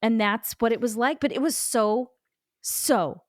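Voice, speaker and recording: A woman's voice: on the high side, unhurried, no room sound, studio quality. A woman in her forties co-hosting a podcast, telling a rambling, self-mocking story full of "like"s in casual chat. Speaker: podcast co-host.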